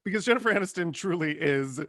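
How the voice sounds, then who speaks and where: A man hosting a comedy interview podcast in a campy, teasing style. His voice sits a bit high and the sound is dry and close, with no room echo. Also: expressive, quick pace, a bit bright. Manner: campy, playful, laughs often. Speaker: podcast host. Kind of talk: casual comedic interview chat.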